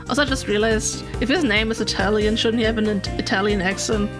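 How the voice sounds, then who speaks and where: A woman's voice: medium pitch, fast talker, hardly any pauses. Laughing woman commenting on a game. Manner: self-mocking, laughs often. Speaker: let's play host. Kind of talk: casual gameplay commentary. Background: game music.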